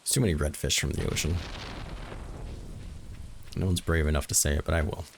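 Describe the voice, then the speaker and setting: Low, gravelly man narrating gameplay. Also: brisk, background noise. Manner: relaxed, thinking aloud with dry self-mocking jokes. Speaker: gaming channel host. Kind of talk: casual let's-play commentary.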